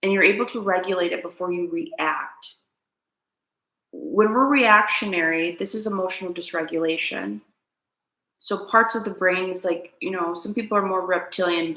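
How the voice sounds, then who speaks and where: Female host, earnest and preachy, low gritty voice, roomy echo. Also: gravelly, pushed and bright. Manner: earnest, preachy, repeats key lines, asks viewers to comment. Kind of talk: spiritual self-help talk to camera.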